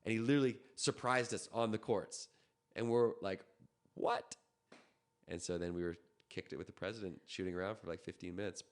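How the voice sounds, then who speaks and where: A man from Canada, a podcast guest, telling a story in a quick, animated way with frequent restarts. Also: low-pitched. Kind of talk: casual storytelling.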